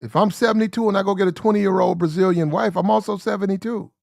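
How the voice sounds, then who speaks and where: Quick and gravelly, a high male voice with a steady tone belongs to an American commentary show host. He gives blunt opinion commentary full of slang and keeps repeating his points to drive them home, captured in a dry, studio-quality recording.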